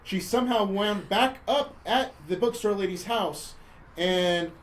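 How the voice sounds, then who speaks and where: A podcast host with a high, unhurried voice retells a movie's plot casually. He rambles and chuckles as he goes, often restarting his sentences.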